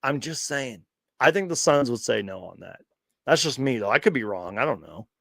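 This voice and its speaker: A man's voice: medium pitch, lively intonation, normal speed, gravelly, sharp tone, no echo, studio quality. A man hosting a casual live question-and-answer stream, chatty and rambling, often restarting sentences and laughing along. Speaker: host of a fan live stream.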